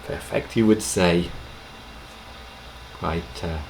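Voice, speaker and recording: Male language teacher, low and gravelly, slow, patient delivery, webcam-mic video lesson. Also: lively intonation, slight background noise, rough recording. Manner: slow, unhurried explaining with gentle pauses. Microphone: webcam microphone.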